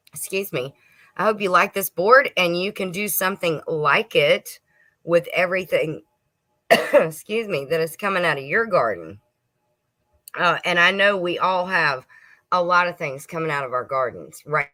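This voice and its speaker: Bright-voiced chatty homestead host woman. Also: lowish voice. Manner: chatty, laughs and munches while talking to viewers. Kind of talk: casual livestream chat.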